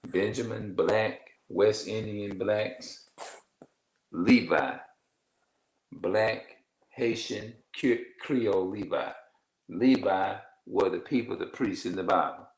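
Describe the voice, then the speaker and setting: Man, very deep voice, informal preaching, halting, repeats words, echoey room. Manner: halting, repeats words, reads aloud from notes. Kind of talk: informal religious teaching.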